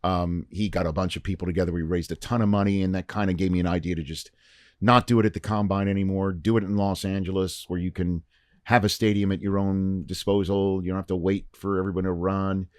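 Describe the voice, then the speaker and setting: A man on a podcast as a guest, telling a long story in casual chat and acting out the quoted lines with lively shifts. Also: deep voice, a little fast, no echo, clean studio sound. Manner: animated storyteller, acts out quoted dialogue. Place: podcast studio.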